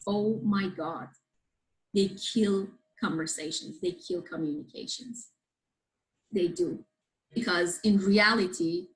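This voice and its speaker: A woman who is a guest on a show, explaining a book's ideas to a live group in a lively way and often asking her listeners questions. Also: mid-range voice, low-quality recording. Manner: lively, checks in with listeners, asks the audience questions.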